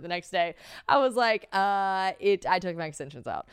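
A woman's voice: mid-range voice, very animated, a little fast, clean tone, no room sound, studio quality. A young woman hosting a podcast solo, chatty and profane, telling stories with lots of fillers and sounding worn out. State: tired. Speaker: podcast host.

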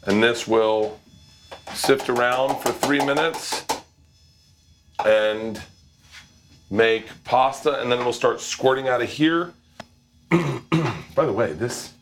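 A loud host telling stories and swearing often as he cooks in a home kitchen. He acts out the other people's voices as he goes. His pitch sits in the middle range for a man, with faint background noise. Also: slow pace, pauses often. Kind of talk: casual chat while cooking.

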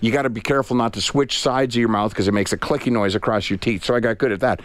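A man's voice: medium pitch, quick pace. A man in his late fifties hosting an afternoon radio show, telling rambling, self-deprecating stories from the studio. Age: 50s. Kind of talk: casual on-air chat. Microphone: studio mic with headset.

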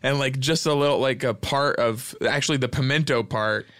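A man co-hosting a comedy podcast, rambling through a silly bit with ironic, deadpan delivery. His voice is mid-pitched and plain, recorded close on a dry, dead-sounding studio mic. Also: normal speed, no room sound. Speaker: podcast co-host.

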